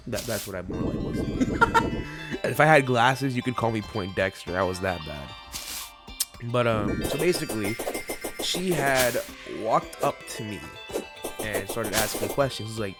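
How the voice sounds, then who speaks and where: A teenage guy hosts his gaming channel and rambles through a story between bursts of laughter and cursing. His pitch bounces around in an animated way. Loud game music plays behind his voice the whole time. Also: normal speed. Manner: rambling, laughing, swears freely. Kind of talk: casual storytelling over gameplay.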